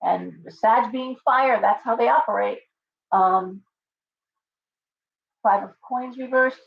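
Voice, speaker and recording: A woman's voice: on the high side, takes it slowly, gravelly, recorded from a distance. A middle-aged woman giving a casual, rambling tarot reading on a live stream, full of fillers and restarts. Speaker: tarot reader. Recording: muffled audio from away from the mic.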